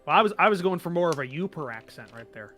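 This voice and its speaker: Guy with a bright higher voice, joking around on a game stream call. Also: lively intonation, fast, soft background music. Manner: chatty, joking, laughs easily. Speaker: tabletop game player. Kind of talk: casual chat.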